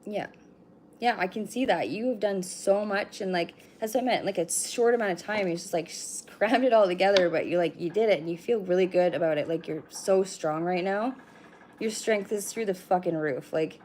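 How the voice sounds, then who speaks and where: Talking straight to her livestream audience, this middle-aged oracle card reader keeps things casual and chatty, with the occasional swear word. Her medium-pitched voice has a darkish tone and a moderate pace, and there's slight background noise.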